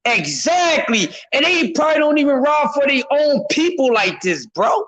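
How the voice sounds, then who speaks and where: Loud high-voiced man ranting, profane. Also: sing-song, normal speed, poor audio. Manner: loud, profane, repetitive, often shouting; speaks to a chat member by name. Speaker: boxing commentary streamer. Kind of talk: heated live-stream rant.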